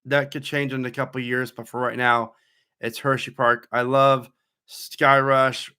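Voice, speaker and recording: A man's voice: mid-range voice, level tone, unhurried, bright, forceful tone, clear, resonant tone. Chatty man answering viewer questions. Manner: casual, chatty, answers questions aloud then rambles. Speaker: coaster YouTuber host. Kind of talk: live Q&A reading chat questions.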